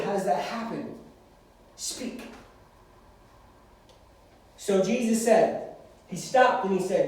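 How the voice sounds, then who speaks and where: Young male youth preacher, high voice, far mic in a big echoey church hall. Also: slow pace, long pauses. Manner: preaching, acting out prayers. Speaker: youth pastor. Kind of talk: sermon to young people.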